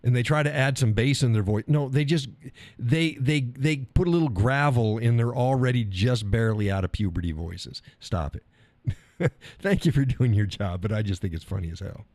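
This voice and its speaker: A man's voice: medium pitch, fairly quick, darkish tone, no echo. A middle-aged man hosting a live stream, talking casually in a blunt, profane way and laughing often. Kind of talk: casual opinionated monologue.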